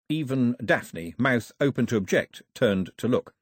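Husky-voiced man reading a story. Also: medium pitch, measured pace, few pauses, no room sound, clean studio sound. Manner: expressive reading with varied voices for characters. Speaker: narrator. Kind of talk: storybook narration.

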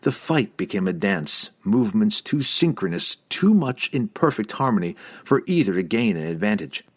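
A man reading a fantasy novel aloud as an audiobook narrator, in a dramatic, expressive storytelling voice. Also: on the low side, normal speed, breathy edge.

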